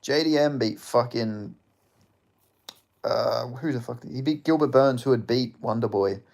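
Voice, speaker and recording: A man's voice: mid-range voice, a little slow, vocal fry, a little mellow. A man with an Australian accent hosting a livestream, chatting casually and answering viewer comments in a loose, joking way, swearing often and laughing between lines. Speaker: livestream host.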